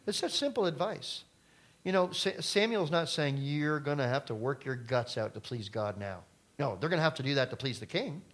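A middle-aged man preaching a sermon as pastor, talking casually to the congregation and turning suddenly loud for emphasis. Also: a little high.

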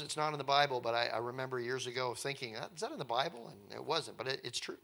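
A man's voice: medium pitch, bright, forceful tone. A man preaching a sermon as a pastor, earnest and conversational, with emphatic repetition.

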